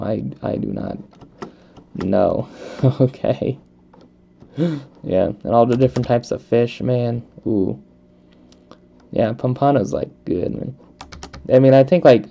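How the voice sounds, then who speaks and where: The young US let's play host has a lowish, creaky, mellow voice. Playing a video game, he chats casually and rambles, full of fillers and frequent laughter, on a dull lo-fi mic.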